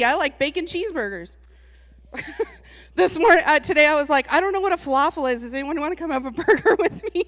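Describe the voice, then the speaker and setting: A woman giving a lively, comedic motivational talk to a live audience, chatty and teasing, laughing often. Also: high voice. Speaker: speaker at a live event. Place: large hall with an audience. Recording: long reverb from a large hall.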